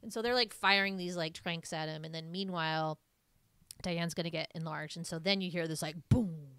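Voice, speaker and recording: A woman co-hosting a podcast, casually recapping a movie in a rambling way, full of "like" and quick laughs. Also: on the low side, a bit bright, smooth, no room sound. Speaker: podcast co-host.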